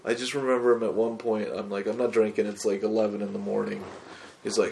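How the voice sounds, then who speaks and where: A man with a low voice, co-hosting a gaming podcast and telling easygoing stories. There is faint noise in the background. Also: level tone, fast talker, creaky, darkish tone. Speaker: podcast co-host. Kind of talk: casual podcast chat.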